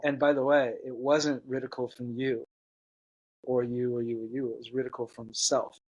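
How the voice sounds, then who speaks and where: An earnest man tells a personal story as an interview guest. He speaks at a middle pitch, halting and restarting often. The sound is dry and close, with no room echo. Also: level tone, husky, highs cut off.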